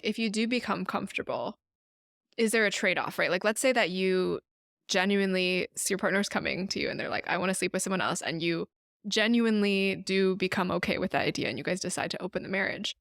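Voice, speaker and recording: A woman co-hosting a podcast in casual chat, musing and thinking out loud. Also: medium pitch, brisk, vocal fry, dry recording, clean studio sound. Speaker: podcast co-host.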